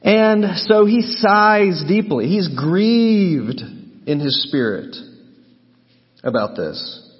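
A man's voice: high-pitched, expressive, very slow. A man teaching through a Bible passage in a sermon, emphatic and thinking aloud with frequent restarts. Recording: dull sound with long hall reverb.

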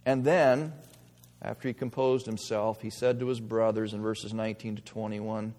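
A man preaching a sermon as pastor, earnest, moving between quiet reflection and emphatic stress. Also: mid-range voice, big pitch swings, moderate pace. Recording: long reverb of a large hall.

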